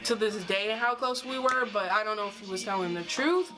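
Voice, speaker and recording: A woman's voice: medium pitch, brisk, music in the background, poor audio. Young woman rambling in a storytime vlog. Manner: rambling, full of "like" and restarts. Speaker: vlogger.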